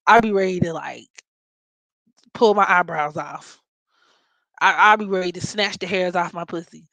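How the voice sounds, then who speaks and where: A woman's voice: lowish voice, normal speed, bright, forceful tone, dry recording, rough recording. Blunt, joking woman with a Baltimore accent. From Maryland. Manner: blunt, profane, joking, playful mock voices. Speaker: astrology podcast host. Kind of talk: casual chat.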